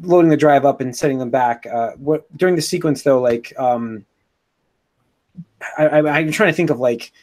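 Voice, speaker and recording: A man's voice: medium pitch, normal speed, a little mellow. Rambling man hosting a podcast. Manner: rambling with many ums and restarts. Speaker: podcast host. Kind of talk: casual movie discussion.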